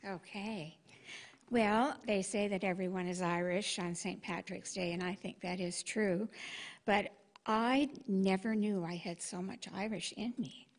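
A woman's voice: mid-range voice, fairly even intonation, measured pace. A woman telling a light, conversational anecdote in church. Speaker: church member speaking.

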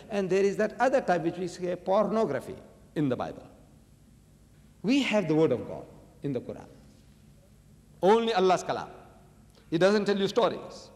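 A man giving an animated religious lecture to an audience, asking rhetorical questions and swinging between loud emphasis and quiet asides. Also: a little high. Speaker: preacher. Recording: long hall reverb.

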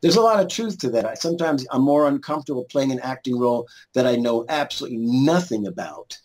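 A man's voice: mid-range voice, animated, fast talker, a little mellow. A middle-aged man chatting as a podcast guest, telling stories at length with restarts and chuckles. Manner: storytelling, rambling with restarts and chuckles. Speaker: guest, lawyer, musician and actor. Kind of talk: casual interview chat.

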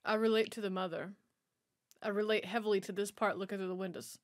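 A woman's voice: mid-range voice, fairly even intonation, quick pace, very noisy. A woman giving a chatty, sassy running commentary while watching a film. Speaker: movie watch-along host.

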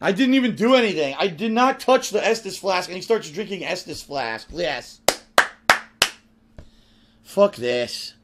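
A man's voice: high voice, expressive, a little slow, long pauses, background noise. A man giving live gameplay commentary, ranting with profane frustration and heavy sarcasm. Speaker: gaming streamer.

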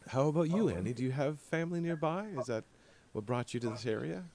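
A man's voice: medium pitch, animated, fast talker, darkish tone, pitched above the performer's own voice, natural voice. A man voicing a friendly, chatty young woman seamstress in a tabletop game, asking eager, curious questions.

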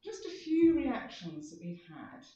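Animated woman preaching in an echoing church. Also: a little high, a little slow. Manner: animated, dramatic emphasis, acts out quotes. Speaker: guest speaker. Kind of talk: church talk. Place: church hall. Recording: distant roomy church hall, slightly dull.

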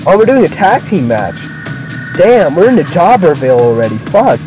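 A man's voice: a little high, big pitch swings, moderate pace, rough recording. A man giving casual, rambling, profanity-filled commentary while playing a wrestling game. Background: game music.

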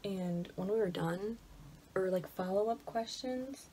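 A woman's voice: mid-range voice, a little slow. A young woman with a Michigan accent, talking anxiously and often dropping to a whisper as she chats casually in her bedroom. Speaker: college student vlogger. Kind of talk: casual vlog chat. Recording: steady background noise, lawnmower outside.

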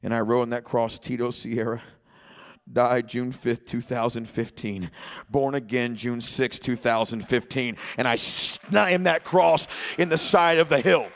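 A man preaching a sermon in church, telling a story quietly, then rising to shouts. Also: medium pitch, fairly even intonation, measured pace, vocal fry. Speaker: pastor. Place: church sanctuary.

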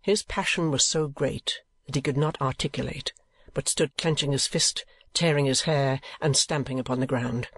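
A man narrating a classic novel as an audiobook in a steady, measured way. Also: medium pitch, husky, dry recording.

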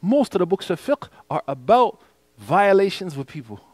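A man's voice: high-pitched, very animated, normal speed, no room sound. A man teaching a mosque class as imam. He explains a hadith text in English and recites the Arabic passages.

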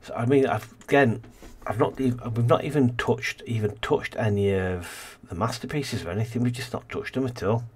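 A man's voice: mid-range voice, moderate pace, hardly any pauses, husky. A man casually commentating a city-building game as host, rambling and thinking aloud, tired and yawning. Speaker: let's play host.

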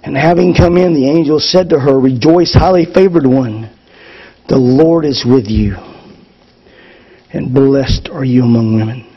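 A man preaching a sermon to his congregation, moving between loud fervor and hushed lines. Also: medium pitch, unhurried, breathy edge, lo-fi sound. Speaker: pastor. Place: church service.

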